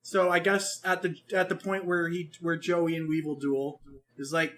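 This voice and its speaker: A man with a high voice co-hosts a casual podcast chat. He talks in an animated, rambling way, swears freely and restarts his sentences often. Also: moderate pace. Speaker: podcast co-host reviewing an anime.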